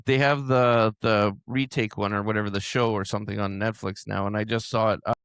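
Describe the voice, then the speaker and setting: A man's voice: on the low side, fairly even intonation, brisk, fairly bright tone, clear, resonant tone, no echo. A man hosting a podcast in casual interview chat, agreeable and nodding along often. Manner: agreeable, backchannels a lot. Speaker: podcast host.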